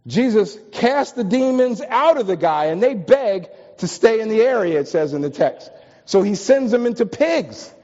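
High-voiced preaching man in a big hall. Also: expressive, normal speed, darkish tone. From US East Coast. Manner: storytelling with humor, rising to emphatic peaks. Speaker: pastor. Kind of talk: sermon. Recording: long reverb, dull lo-fi sound.

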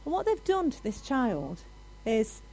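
A woman preaching a sermon to a congregation, animated and building to loud, emphatic declarations. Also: fairly high pitch, measured pace, breathy edge, low-quality recording.

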